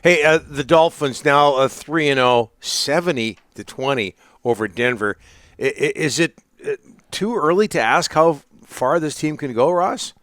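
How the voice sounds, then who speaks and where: A sports radio co-host who chats casually and throws in quick, laughing asides. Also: male voice, a little high, animated, fairly bright tone, no echo. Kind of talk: casual radio interview banter. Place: radio studio.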